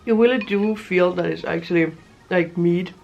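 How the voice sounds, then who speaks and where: A woman's voice: on the low side, moderate pace, creaky, dull audio. A woman vlogging casually as she cooks, chatting and thinking aloud as she goes. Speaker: cooking vlogger. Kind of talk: casual cooking vlog.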